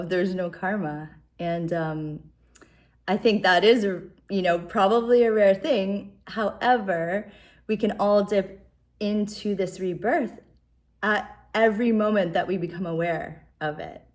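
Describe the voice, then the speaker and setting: A woman in her art studio, talking through an oracle card reading in a gentle, musing way, with soft laughs. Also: medium pitch. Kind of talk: reflective spiritual talk.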